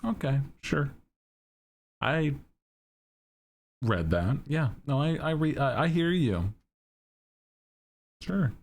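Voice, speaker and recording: A young man streaming, chatting casually with his viewers in a deep monotone, laid-back and giggly as he reads chat. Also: slow pace, pauses often.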